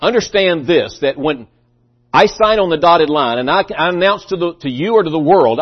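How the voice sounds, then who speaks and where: An earnest male pastor delivering a sermon, emphatic and repeating himself as he builds his points. His voice sits a little high for a man. The recording is muffled and lo-fi. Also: lively intonation, normal speed. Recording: dull lo-fi recording.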